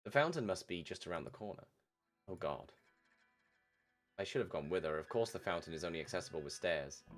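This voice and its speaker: A man's voice: deep voice, animated, rapid-fire, soft background music. A man streaming a game, reading a visual novel aloud and breaking off to react, swearing casually.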